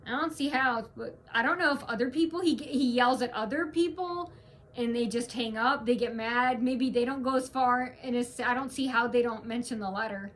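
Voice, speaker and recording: High bright-voiced woman rambling on. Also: moderate pace. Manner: rambling, restarts often, emphatic. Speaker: vlogger. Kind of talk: casual rambling vlog rant.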